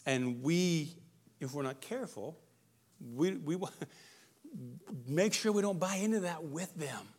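A man's voice: on the high side, lively intonation, slow, long pauses, a little mellow, breathy edge. A middle-aged man giving a plain-spoken, emphatic talk to parents, often repeating words as he goes. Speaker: speaker on parenting. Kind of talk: preaching-style talk to parents.

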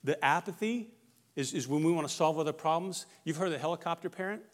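A man's voice: a little high, fast. A middle-aged man giving a plain-spoken, emphatic talk to parents, often repeating words as he goes. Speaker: speaker on parenting. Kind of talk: preaching-style talk to parents.

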